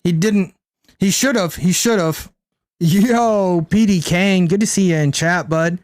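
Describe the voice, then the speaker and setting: A man's voice: sits high, takes it slowly. A young man streaming a card game, chatting casually, thinking aloud and answering his chat. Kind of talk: casual live-stream commentary.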